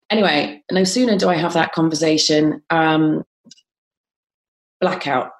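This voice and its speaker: A woman guest on a podcast telling a personal story in a halting, conversational way, with frequent ums and restarts. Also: sits low, steady tone.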